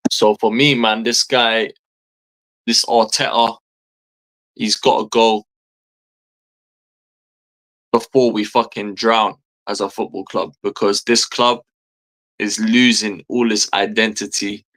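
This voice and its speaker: A man's voice: lowish voice, flat delivery, takes it slowly, long pauses, fairly bright tone. Man, thirties, football fan streamer, angry rant, exasperated, swears a lot, repeats himself for emphasis. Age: 30s.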